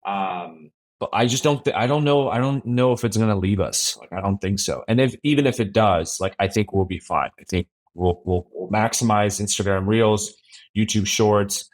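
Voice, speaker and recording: Lower-voiced man, podcast guest, easygoing and rambling delivery. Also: normal speed. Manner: relaxed, rambling, frequent restarts and "like". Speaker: podcast guest, brand creative officer. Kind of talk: casual interview chat.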